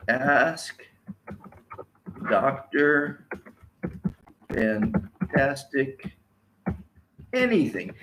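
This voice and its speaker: A motivational speaker gives an enthusiastic live-streamed talk, repeating catchphrases and urging viewers to say them aloud. His medium-pitched voice is pushed and bright. The on-camera mic picks up a reverberant space and a little hiss or hum.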